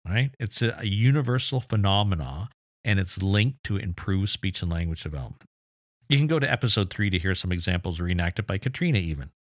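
A man with a very low voice hosts an educational podcast in a dry, close-miked recording. He explains clearly and eagerly, throwing in mildly exasperated asides. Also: no room sound. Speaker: podcast host.

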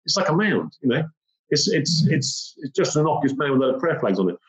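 A man's voice: mid-range voice, big pitch swings, fairly quick. A man telling a personal story in vivid detail, repeating phrases and acting out the moments he describes. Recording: roomy, dull lo-fi sound.

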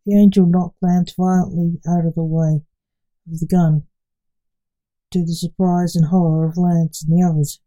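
A woman reading a story aloud in a steady, even storybook narration. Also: fairly low pitch, moderate pace, poor audio.

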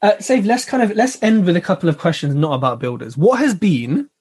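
Lively husky host. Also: male voice, sits high, a little fast. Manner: laughing, slangy banter. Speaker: podcast host. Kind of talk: casual podcast chat.

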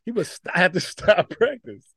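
A man, a former pro basketball player, telling lively stories in a casual podcast chat, with lots of "like" fillers and laughter. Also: high voice, moderate pace, vocal fry, breathy edge, dry recording, clean studio sound. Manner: animated storytelling, frequent "like" fillers and laughs.

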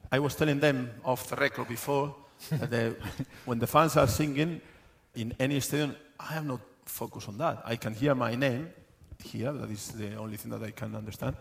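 A man, a football club manager, answering questions on stage at a live event, halting with many fillers and often laughing. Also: mid-range voice, fairly even intonation, creaky.

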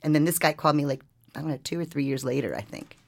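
Low, husky-voiced woman telling a story. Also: quick pace. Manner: lively, animated storyteller. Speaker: newspaper reporter, podcast regular. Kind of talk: storytelling and casual chat.

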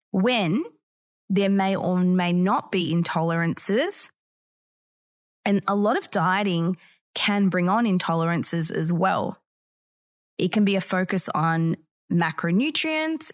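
A woman hosting a podcast, explaining a topic in a clear, educational way with lively emphasis on key words. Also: mid-range voice. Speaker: podcast host. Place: Bali.

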